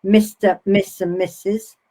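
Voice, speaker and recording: A woman's voice: medium pitch, level tone, measured pace, warm tone. A middle-aged woman in casual conversation, reminiscing and telling anecdotes with a laugh. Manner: chatty, reminiscing, laughs at own stories. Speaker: web TV host.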